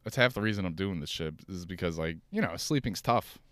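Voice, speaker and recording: A man's voice: low voice, a little fast, dry recording, clean studio sound. Profane young man rambling in his car. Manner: profane, rambling, animated storytelling. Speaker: podcast host and stand-up comic. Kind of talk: casual solo podcast monologue. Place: inside a car.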